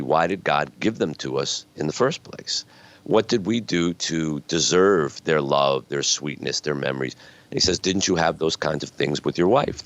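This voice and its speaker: A man's voice: extremely low pitch, a bit bright. A man in his sixties, a guest author telling stories earnestly and reflectively in a conversational interview. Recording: dull lo-fi sound.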